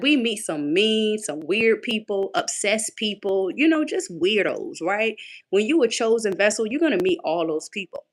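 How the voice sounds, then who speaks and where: Chatty, preachy faith-coach woman. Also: mid-range voice. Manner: lively, conversational, preachy. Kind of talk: casual inspirational talk.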